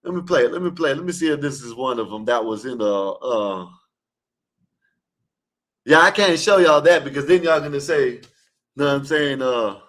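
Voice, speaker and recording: A man's voice: mid-range voice, animated, normal speed, long pauses, a bit bright. A man calling into an online panel, arguing a sports debate in an emphatic, repetitive way and scolding his listeners. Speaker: caller in an online open panel. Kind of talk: heated casual sports debate.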